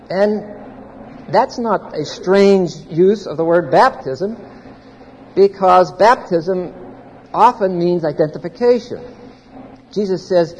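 A man's voice: high voice, expressive, a little slow, breathy edge. A man giving an expository Bible teaching to a live audience in a large hall, explaining grammar point by point and quizzing his listeners. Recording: reverberant hall, faint background noise.

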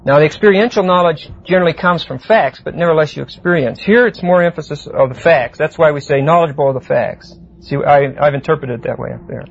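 A man teaching a verse-by-verse Bible class, explaining Greek words deliberately and often asking the class "see?". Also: on the high side, creaky. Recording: muffled lo-fi classroom tape with faint hiss.

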